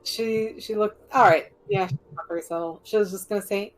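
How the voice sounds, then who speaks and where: A woman's voice: mid-range voice, sing-song, fairly quick, faint music behind, poor audio. A woman player describing her character's actions in casual tabletop game chat.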